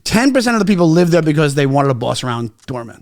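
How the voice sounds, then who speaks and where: A man with a fairly high voice, laughing through his own stories in a loose podcast chat. He sounds hungover and talks in bursts with many restarts. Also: quick pace. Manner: laughs often mid-sentence, animated storytelling. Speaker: guest comedian.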